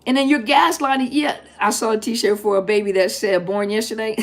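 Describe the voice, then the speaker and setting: Speaking fairly quickly in a slightly high voice, a middle-aged woman who is a therapist runs a live Q&A. She addresses viewers straight on in a casual, emphatic way, going over her points again and again.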